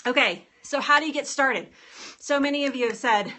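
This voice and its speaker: A woman's voice: sits high, fairly quick, pushed and bright. A woman health coach chatting casually on a live stream, upbeat and talking straight to her viewers about getting started with exercise.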